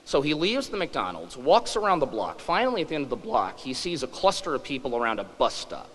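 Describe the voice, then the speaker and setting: A man's voice: mid-range voice, very animated, a little fast, fairly bright tone, big-room sound, rough recording. A man in his forties giving a humorous public lecture, wry and self-deprecating. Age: 40s.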